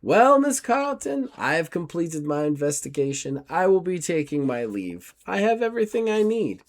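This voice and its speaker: A man voicing a formal, condescending gentleman investigator in a tabletop game. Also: fairly high pitch, big pitch swings, moderate pace, voice pushed up.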